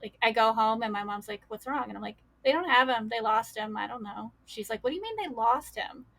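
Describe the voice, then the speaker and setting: A woman's voice: a little high, lively intonation, a little fast, fairly bright tone. A young adult woman, a podcast guest, telling a painful personal story with many fillers and quoted voices.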